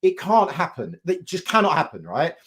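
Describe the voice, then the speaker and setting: A man's voice: high-pitched, very animated, normal speed, a bit bright. A man co-hosting a football fan podcast, arguing his point emphatically in casual chat. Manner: emphatic, insistent. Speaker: podcast co-host.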